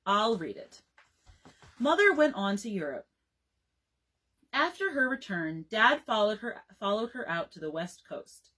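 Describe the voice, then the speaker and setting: A woman librarian reading a bedtime story aloud in an expressive, storytelling way. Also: mid-range voice, unhurried, rough recording.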